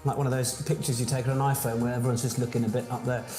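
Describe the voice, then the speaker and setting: He races along with a flat delivery at medium pitch, a playful, cheeky pub quiz host from Buckinghamshire, England, bantering with his live-stream audience. Captured on a phone, the audio has a roomy sound with faint music behind.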